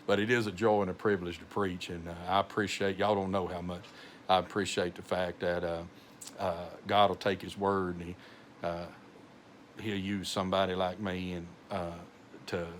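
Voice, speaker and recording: A middle-aged pastor with a heavy North Texas accent talks slowly in a fairly low voice. He rambles, full of "uh"s and restarts, in a homely devotional message. A faint hiss of room noise sits under his voice. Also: little pitch movement. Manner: slow, rambling, many fillers and restarts. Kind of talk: informal devotional talk.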